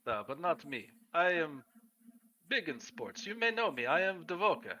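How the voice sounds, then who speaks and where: A brash, boastful sports star, as a player puts him on at a tabletop game, speaking a swaggering broken English that drops its articles. The voice is on the high side for a man and bright and forceful. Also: sing-song, moderate pace.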